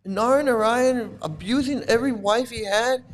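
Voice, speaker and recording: High-voiced man in an angry rant. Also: expressive, moderate pace. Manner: furious, repetitive, swearing, bitter. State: angry, voice breaking at times. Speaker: channel host, cult critic. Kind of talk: angry monologue to camera.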